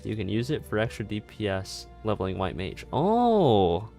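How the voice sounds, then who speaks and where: A man's voice: lowish voice, steady tone, a little fast, gravelly, faint music behind. A man streaming a game, chatting casually and reacting to his chat. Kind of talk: casual live-stream commentary.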